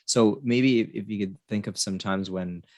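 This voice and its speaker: A man who works as a coach asks a long question on a webinar in a halting, self-deprecating way. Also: lowish voice, a little mellow, no room sound, clean studio sound.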